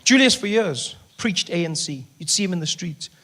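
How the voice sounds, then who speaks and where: A man's voice: sits high, moderate pace. A male stand-up comedian with a South African accent, telling jokes playfully on stage and slipping into impressions. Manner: animated, playful, slips into impressions. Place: live comedy venue with audience. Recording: live show with crowd and noise. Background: audience crowd.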